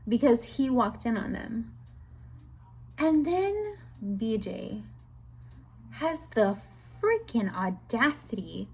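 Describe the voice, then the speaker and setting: Slow-talking young woman retelling a book. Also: a little high, slightly rough. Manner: animated, exasperated retelling with laughs. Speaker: book vlogger. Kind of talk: casual book review chat.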